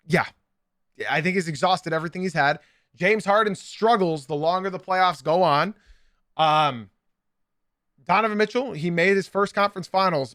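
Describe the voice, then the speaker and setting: A man hosts a casual sports livestream and chats straight to his viewers. His voice sits high and bright, with frequent ums and loose asides. The sound is dry and close. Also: no echo. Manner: chatty, filler-heavy, talks straight to chat. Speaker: podcast and stream host.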